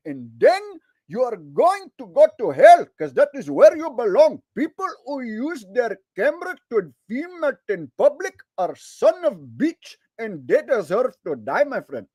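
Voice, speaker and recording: A man putting on an Indian accent, playing a loud, bossy man who loves the police and keeps saying "my friend". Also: sing-song, measured pace, dry recording, studio quality, heavily acted. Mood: ranting. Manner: shrill, ranting, repeats "my friend".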